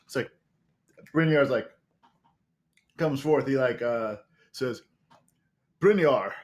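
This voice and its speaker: A man's voice: medium pitch, slow pace, darkish tone. A man playing a tabletop game who takes a grandiose tone in character and stumbles over long words. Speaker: player.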